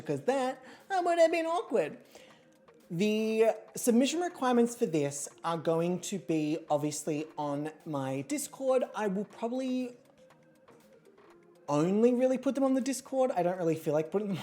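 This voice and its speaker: Woman host, casual livestream chat, low mellow voice, very lively pitch, jokey and chatty. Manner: chatty, jokey, swings into squealing high voices. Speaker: streamer hosting an online model competition. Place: home streaming setup with a pet nearby.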